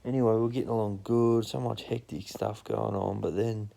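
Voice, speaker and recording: A man's voice: fairly low pitch, steady tone, normal speed, vocal fry, mellow. An Australian man telling a crude, rambling anecdote outdoors, swearing freely in a laid-back way. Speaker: storyteller. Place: outdoors in nature.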